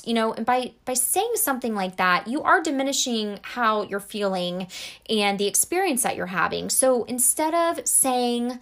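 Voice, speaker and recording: A woman's voice: a little high, lively intonation, moderate pace, fairly bright tone. A woman talking casually to camera about emotional support, earnest and conversational, with acted-out examples.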